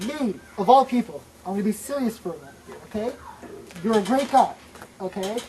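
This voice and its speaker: Brief: woman, mellow dark tone, emphatic, reassuring. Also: mid-range voice, animated, a little fast, slight background noise, poor audio. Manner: emphatic reassuring pep talk. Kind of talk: improvised comedy web series.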